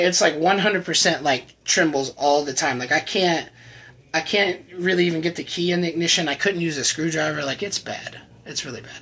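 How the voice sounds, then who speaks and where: Husky man telling his story haltingly. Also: on the high side, pushed and bright, low-quality recording. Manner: halting, candid, with many restarts and fillers. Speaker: channel host telling his recovery story. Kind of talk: personal testimony, casual storytelling.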